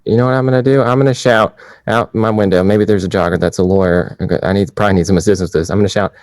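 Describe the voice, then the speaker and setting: An actor playing a slow-talking, clueless newlywed man who stumbles through halting restarts. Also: on the low side, steady tone, darkish tone, dry recording, studio quality, close to an everyday voice. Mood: sheepish. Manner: speaks slowly with halting restarts. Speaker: guest. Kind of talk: improvised comedy.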